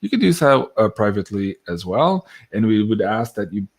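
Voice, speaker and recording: A man's voice: fairly low pitch, very animated, normal speed, breathy edge. Man hosting a livestream, upbeat, many uhs. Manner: upbeat, reads chat comments aloud, filler uhs. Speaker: livestream co-host.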